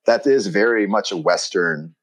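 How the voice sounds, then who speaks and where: A man with a deep, low-pitched voice, speaking as a guest in a conversation. He muses aloud, restarts his sentences, and leans heavily on fillers as he works through his thoughts. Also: moderate pace, rough recording. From United States. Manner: rambling, filler-heavy, reflective. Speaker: guest, watch industry professional. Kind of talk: conversational interview.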